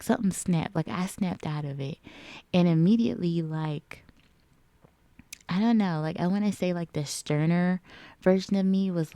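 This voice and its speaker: A woman's voice: medium pitch, vocal fry, warm tone, no room sound. A woman in a casual reflective vlog chat, rambling with lots of filler words. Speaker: vlogger.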